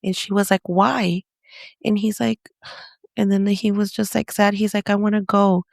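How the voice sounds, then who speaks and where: A woman's voice: mid-range voice, flat delivery, a little slow, gravelly, darkish tone, no room sound, clean studio sound. A woman co-hosting a podcast tells a story casually. She rambles with lots of fillers and acts out the quotes. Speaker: podcast co-host.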